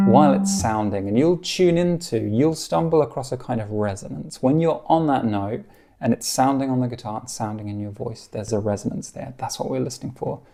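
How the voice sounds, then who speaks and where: A man teaching a guitar lesson, explaining calmly and encouragingly, counting beats aloud and singing short snippets. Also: medium pitch, creaky.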